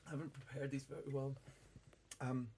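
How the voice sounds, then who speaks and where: A young man hosting a casual chat, asking joking questions with a dry, deadpan delivery. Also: mid-range voice, fairly quick, slightly rough. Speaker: host.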